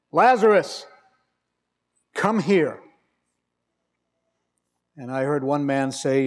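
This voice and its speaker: In a fairly high but darkish voice, a man preaches a sermon, telling stories in a wry, conversational way. When reading scripture aloud, he leans hard on the key words.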